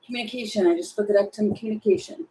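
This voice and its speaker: A woman's voice: medium pitch, racing, warm tone, rough recording. Chatty woman giving a live tarot reading. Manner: chatty, thinking aloud, acts out little quoted voices; exasperated about the energy. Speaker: tarot reader.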